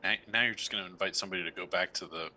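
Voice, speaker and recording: A man's voice: low-pitched, rapid-fire, bright, forceful tone, rough recording. A man, a player, chatting and teasing at a tabletop game session. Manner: laughing, teasing. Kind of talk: casual chat at a game table.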